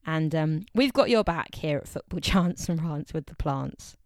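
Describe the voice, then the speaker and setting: A woman's voice: deep voice, expressive, moderate pace, very noisy. A young woman, co-hosting a podcast in a chatty, playful way and laughing between remarks. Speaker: podcast co-host. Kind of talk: casual podcast chat about football.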